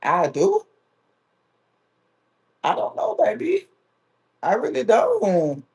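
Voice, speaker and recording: A man with a high voice who talks in an unhurried, drawn-out way. He hosts a casual live stream and banters playfully with his viewers, teasing them as he reads their comments aloud. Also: wildly swooping pitch, darkish tone. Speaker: livestream host.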